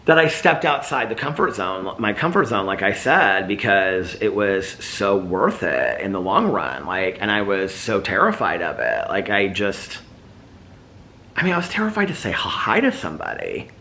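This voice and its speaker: A man's voice: fairly low pitch, big pitch swings, normal speed, bright, forceful tone, slight background noise. A man vlogger in casual, reflective chat, rambling with lots of "like" and "you know".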